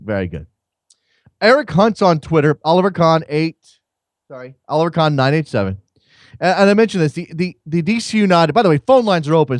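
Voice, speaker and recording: Male call-in host, wry and rambling, slightly high voice, dry studio sound. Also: no echo. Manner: wry and rambling, often repeats words. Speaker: host of a soccer call-in show. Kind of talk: casual chat.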